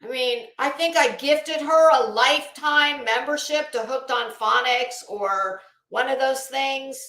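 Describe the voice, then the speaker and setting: A woman with a high, bright, edgy voice hosts a live commentary stream, rambling in an unhurried, blunt, sarcastic way. She greets chat viewers between points, her voice ringing in an echoey room.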